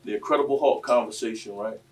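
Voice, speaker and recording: A man, telling stories on a panel in a preachy, impassioned way that swings between quiet and loud. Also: fairly low pitch, quick pace, recorded from a distance. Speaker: panel speaker.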